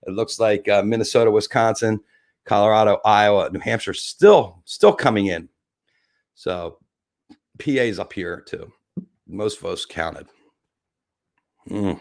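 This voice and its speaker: Brief: male livestream host, lively swinging pitch, loose profane banter, talks through numbers as he reads them. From New Jersey. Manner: rambling, profane, jokey, thinks aloud over numbers. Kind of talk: casual election commentary.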